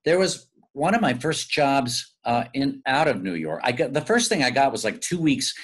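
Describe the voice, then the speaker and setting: A male actor telling lively, self-mocking stories in a casual interview. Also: medium pitch, normal speed, slightly rough. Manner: animated, self-mocking storyteller. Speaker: guest actor.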